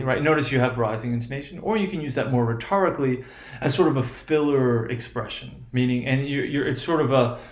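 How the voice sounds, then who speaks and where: A man's voice: medium pitch, echoey room. A man teaching a lesson on English intonation, hesitant, with many restarts and "right?" checks.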